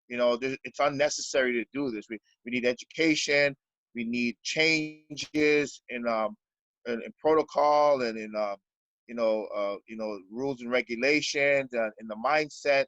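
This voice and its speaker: A man's voice: medium pitch, fairly even intonation, normal speed, fairly bright tone, no room sound, highs cut off. A Canadian basketball coach in a podcast interview, speaking earnestly and stumbling over repeated words as he searches for them.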